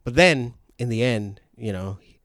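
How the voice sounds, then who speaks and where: A man's voice: mid-range voice, expressive, a bit bright, no echo, studio quality. Rambling New podcast host, man. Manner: rambling storyteller, quick laughs, many fillers. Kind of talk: casual podcast chat.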